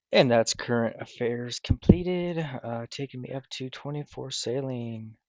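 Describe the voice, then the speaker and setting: A man's voice: mid-range voice, unhurried, no room sound. Rambling man on a dull, lo-fi mic. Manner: loose, rambling, with many fillers and restarts. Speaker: gaming video creator. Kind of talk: casual gameplay commentary. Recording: dull, lo-fi, dry voice recording.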